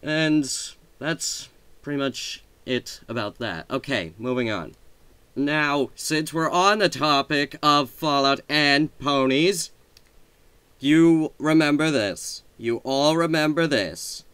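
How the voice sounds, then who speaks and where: A man hosting a casual update vlog from his computer desk, talking excitedly in a rambling way with gushing outbursts and self-corrections. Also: fairly high pitch, slow pace, clear, resonant tone, no echo. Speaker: video channel host. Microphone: desk microphone.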